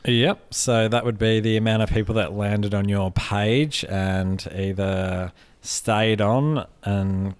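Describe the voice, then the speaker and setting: A man's voice: fairly low pitch, steady tone, slow, few pauses, clear, resonant tone, no echo. A man with a nasal, stuffy voice from a cold, co-hosting a podcast and explaining things briefly and matter-of-factly. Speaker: podcast co-host. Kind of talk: casual podcast chat.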